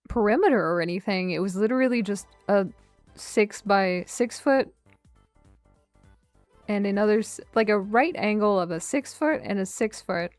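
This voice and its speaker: Nostalgic and jokey, a streamer works through a tier list in a rambling chat, often interrupting herself mid-word. She has a mid-range, slightly mellow voice with no echo.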